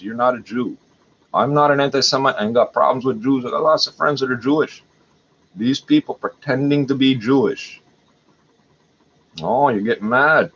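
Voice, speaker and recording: A man's voice: mid-range voice, normal speed, fairly bright tone. A man at home hosting a livestream, rambling in an agitated, profane way. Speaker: livestream host. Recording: dull lo-fi audio with faint noise.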